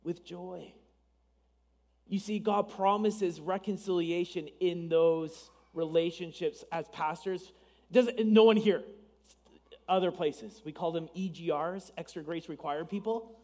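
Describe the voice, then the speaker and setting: A man with a noticeably high voice delivers a Sunday sermon from the pulpit. He keeps it conversational, slipping in asides and acting out little bits of dialogue. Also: measured pace, darkish tone, long reverb tail. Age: adult, married. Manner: conversational preaching with asides and dramatized quotes. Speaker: pastor.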